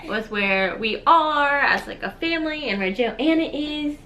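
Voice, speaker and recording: A young woman talks into the camera at home with a slightly high voice, soft and rambling. She fills her sentences with likes and ums and laughs through tears now and then. A faint hum of room noise sits under her voice. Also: expressive, a little slow. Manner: soft and rambling, with frequent fillers and tearful laughs. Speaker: vlogger, new mother. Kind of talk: casual personal vlog update. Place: at home, holding her baby. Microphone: camera viewfinder.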